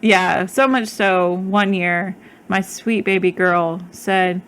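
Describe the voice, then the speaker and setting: Slow-talking mom with a lisp. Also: female voice, on the low side, steady tone, a bit bright, clean tone. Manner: chatty, laughs often. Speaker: podcast co-host. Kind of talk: casual chat.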